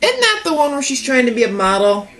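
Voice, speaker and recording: A young woman chatting casually as a co-host, calm and unhurried, adding short replies. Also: sits high. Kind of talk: casual chat.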